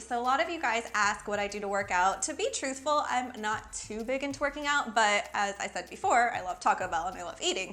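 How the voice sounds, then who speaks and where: A woman's voice: fairly high pitch, a bit bright. A woman in her thirties who grew up in Miami, speaking with a Valley girl accent and chatting casually to camera as a fashion blogger, with lots of "like". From Miami, USA. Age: 30s. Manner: chatty, fills talk with "like".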